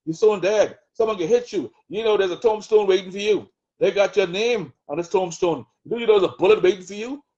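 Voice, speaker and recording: A man with a Bahamian accent preaching a sermon, taunting in rapid repeated jabs as he voices the enemy's lies. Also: high-pitched, a little mellow, muffled recording. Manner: taunting, mocking the devil's voice in rapid repetitive jabs. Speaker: prophet preaching.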